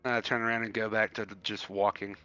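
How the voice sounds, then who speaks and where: A man's voice: on the low side, level tone, quick pace, sharp tone. A man playing in a tabletop game, describing his character's actions in a loose, filler-heavy way. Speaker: player. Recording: dull, dry lo-fi mic.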